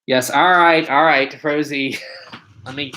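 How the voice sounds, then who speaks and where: Young man in his twenties, livestream host, bright and upbeat, chatty, grateful to the chat. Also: on the high side, steady tone, measured pace, slight background noise, poor audio. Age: 20s. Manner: upbeat, chatty, thanks viewers often. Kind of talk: casual live-stream chat answering viewer questions.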